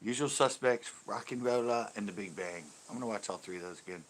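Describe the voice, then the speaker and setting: A man's voice: fairly low pitch, brisk, slight background noise. A man hosting a fishing channel livestream, chatting casually with viewers in a rambling, laid-back way and laughing easily.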